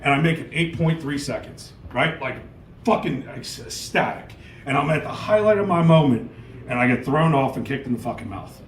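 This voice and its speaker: A man's voice: a little high, animated, normal speed, roomy sound, a little hiss or hum, rough recording. A middle-aged man from New York doing a stand-up comedy set, telling crude, rambling stories laced with swearing. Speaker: stand-up comic.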